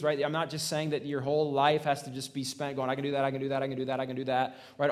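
A man preaching a sermon in a conversational way. He often asks "right?" and restarts his words, rising to stress a point. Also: fairly high pitch. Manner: conversational preaching, frequent "right?" tag questions; restarts and stammered repeats, emphatic rises. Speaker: pastor.

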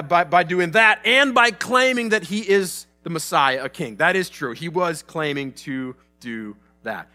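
A man's voice: high-pitched, pushed and bright. A man in his thirties preaching a sermon in a church, retelling the story casually and animatedly with many restarts. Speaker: pastor.

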